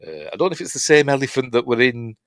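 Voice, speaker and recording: A man's voice: mid-range voice, big pitch swings, fast, dry recording. A middle-aged man with a Yorkshire accent, chatting casually through a film breakdown, rambling with dry humour and acting out lines. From Yorkshire, England. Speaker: film reviewer.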